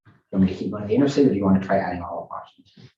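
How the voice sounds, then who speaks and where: A man operating the mapping software during a meeting, answering briefly and explaining what he is doing, recorded from afar in a roomy room. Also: sits low, racing. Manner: brief, responsive, explains map actions. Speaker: map operator. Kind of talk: working meeting discussion. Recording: roomy, distant, dull meeting-room audio.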